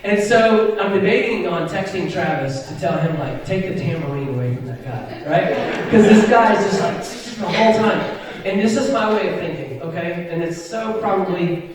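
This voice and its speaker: A man's voice: sits high, normal speed. Man telling a story in an echoey hall. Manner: animated, chatty, keeps checking in with "right?". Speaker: Christian musician and speaker. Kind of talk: storytelling talk to a live audience. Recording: echoey hall picked up from far off.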